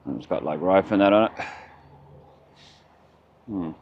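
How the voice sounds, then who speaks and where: This Australian vlogger rambles and chats while narrating an outdoor walk by the water, dropping muttered asides, all recorded on a handheld camera. His voice sits low and is gravelly, with lively intonation and a slightly slow pace. Faint outdoor noise runs under dull lo-fi audio.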